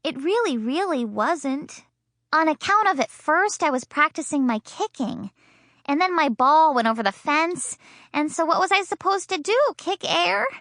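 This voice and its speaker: A woman voicing a loud, excitable little first-grade girl who whines and shrieks dramatically. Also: high-pitched, moderate pace, no room sound, studio quality, voice pushed up. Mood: pleading.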